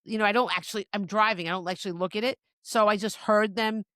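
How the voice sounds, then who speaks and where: A woman's voice: mid-range voice, fairly even intonation, quick pace, fairly bright tone, no room sound. A middle-aged woman chatting on a podcast in a rambling way, often restarting her sentences and breaking into laughs. Her voice sits in an ordinary middle register. It sounds dry and close, with no room around it. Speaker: podcast co-host. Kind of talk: casual chat.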